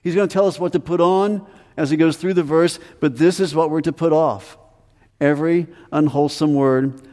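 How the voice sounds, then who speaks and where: Slow, emphatic male preacher in a reverberant hall. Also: a little high, a little mellow. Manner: earnest, emphatic preaching with repeated commands. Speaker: pastor. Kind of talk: sermon.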